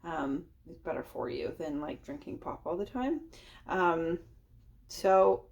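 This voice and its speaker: An adult mother cooks while chatting casually and nervously for her vlog, filling her speech with ums and likes. Her low-sitting voice has lively intonation and moves a little slowly, with lo-fi sound.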